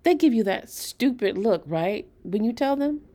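A woman's voice: a little high, lively intonation, a little slow, dark tone, pitched above the performer's own voice. Woman reading a dry, wry city woman. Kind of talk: audiobook character reading.

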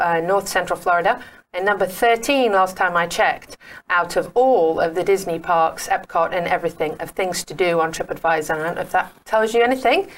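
A woman hosting a radio talk show, chatting casually with frequent ums and uhs. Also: lowish voice.

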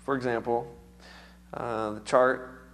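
A man's voice: mid-range voice, fairly even intonation, slow, a bit bright. A man teaching music theory to a worship class in a casual, encouraging way, often checking in with his students, his voice a little worn. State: recovering voice.

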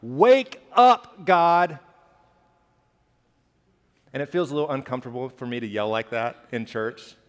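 Conversational pastor with a hall echo. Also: male voice, mid-range voice, steady tone, fast, few pauses. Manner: conversational, rising to impassioned outbursts. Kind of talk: sermon. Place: church. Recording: hall reverb.

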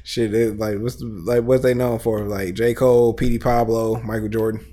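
A man co-hosting a podcast in casual chat, telling animated stories with acted-out quotes and frequent laughter. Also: on the low side, normal speed. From Nebraska. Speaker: podcast co-host.

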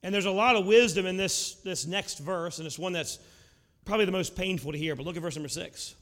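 A male pastor with a drawl delivers an earnest sermon in a fairly high voice. He presses his points with questions to the congregation, then drops his voice low and quiet for the hard truths. The sound carries a long, ringing reverb of a big sanctuary. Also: fairly quick. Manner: earnest preaching, swinging between loud emphatic lines and low quiet drops; asks the audience rhetorical questions.

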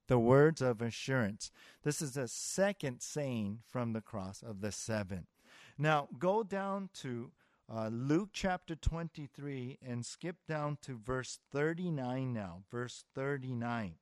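A man's voice: mid-range voice, dry recording, studio quality. A man preaching a sermon as pastor, in a conversational way that acts out the voices he quotes. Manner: conversational, with filler words and restarts, acting out quoted voices.

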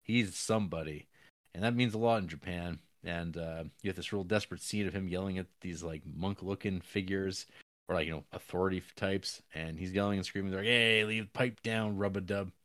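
A podcast co-host with a fairly low voice recaps a film's plot casually and ramblingly, packing in fillers and wry, profane asides. His intonation is fairly even and his pace fairly quick. The recording is dry and close, with no room or echo.

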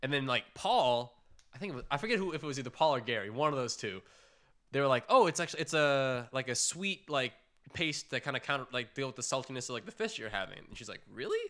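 A young man co-hosting a casual chat show, telling animated stories full of "like" fillers and jumping high in pitch for the voices he quotes. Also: quick pace. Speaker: podcast co-host.

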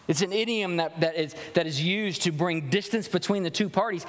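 A man's voice: sits high, fast, few pauses. A pastor giving a conversational sermon, acting out quoted lines as he explains a passage. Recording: long reverb of a large hall.

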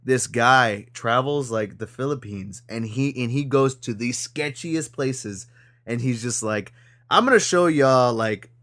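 A man's voice: medium pitch, a bit bright. A young adult man chatting loosely on a podcast, swearing often and restarting his sentences. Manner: swears a lot, halting restarts, loose slang. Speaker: podcast co-host. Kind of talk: casual chat.

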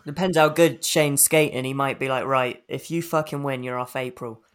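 A man co-hosting a casual podcast chat, relaxed and sweary. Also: mid-range voice, moderate pace. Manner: laid-back, sweary. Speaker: podcast co-host.

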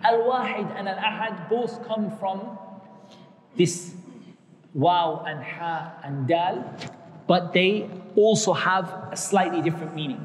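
A man's voice: sits high, slow pace, long reverb tail. A man giving a religious lecture, explaining terms patiently and repeating key words. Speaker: Islamic teacher.

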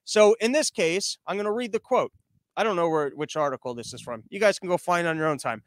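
A man with a high voice hosts a live-streamed podcast rant. He is loud and mocking, a little winded from pacing, and sounds dry and close to the mic. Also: expressive, fast, no room sound. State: out of breath from pacing and yelling. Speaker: podcast host.

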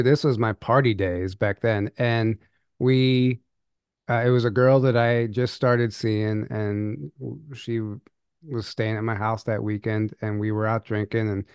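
A man's voice: mid-range voice, a little mellow, clear, resonant tone, no room sound. A young man co-hosting a podcast who tells his story in fits and starts. He restarts his sentences and laughs nervously. His voice sits mid-range and close, with no room sound around it. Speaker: podcast co-host. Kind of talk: casual storytelling chat.

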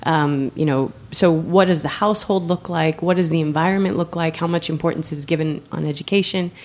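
A woman with a low voice talks a little fast in a casual interview about mentoring girls. She is a warm storyteller who laughs often and uses many fillers.

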